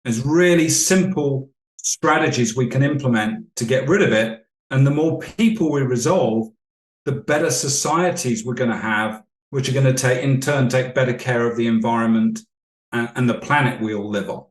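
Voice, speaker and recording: A man talking as a leadership coach guest on a podcast, explaining calmly and telling anecdotes. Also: medium pitch, normal speed, reverberant. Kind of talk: podcast interview storytelling.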